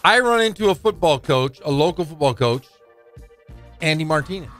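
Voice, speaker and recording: A man's voice: on the high side, animated, moderate pace, a bit bright, soft background music. A man co-hosting a sports radio show, talkative and telling stories from the studio. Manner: storytelling, talkative. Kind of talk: casual sports radio chat.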